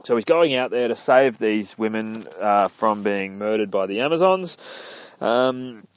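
A man's voice: lowish voice, lively intonation, a little slow, clear, resonant tone, dry recording. A man hosting a casual comic podcast, retelling a story in a profane, laid-back way and jumping into voices for the characters. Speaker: comic book podcast host. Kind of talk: casual comic recap with acted dialogue.

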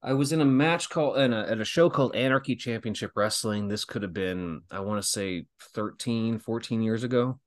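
A man in his thirties, a guest pro wrestler on a casual podcast, tells stories in an animated way, laughing often and swearing freely. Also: fairly low pitch, fairly quick, hardly any pauses. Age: 30s.

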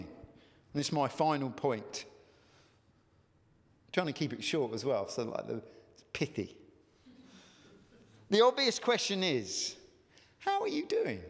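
A man delivers a sermon in an earnest, conversational way, pressing his listeners with question after question. His voice sits high and swings widely up and down. The sound carries a long reverb, like a church hall. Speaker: pastor.

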